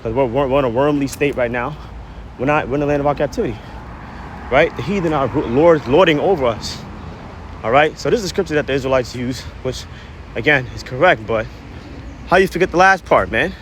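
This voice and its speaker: Outdoors, a religious commentator offers blunt, profane scripture commentary in a preachy street-corner style, reading verses aloud and then explaining them in slang, tagging lines with "man" and "right?" He's short of breath, and his voice is on the high side and a bit bright, with lively intonation and a quick pace. Slight background noise is present.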